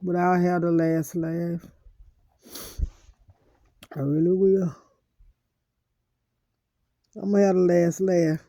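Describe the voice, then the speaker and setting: Woman vlogger, emotional monologue, aggrieved and repetitive, dark warm voice, dead-dry sound. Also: fairly low pitch, flat delivery, no echo, highs cut off. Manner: aggrieved, repeats phrases over and over; slow, heavy pauses.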